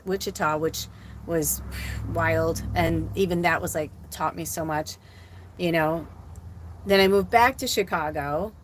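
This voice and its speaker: A woman in her forties from Illinois talks casually to her stream audience as a spiritual medium. Her voice sits a little low, but she jumps way up in pitch when she acts out her own reactions. She swears freely and tells her life story as a lively tale. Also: slight background noise. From Illinois, USA. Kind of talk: casual live-stream talk.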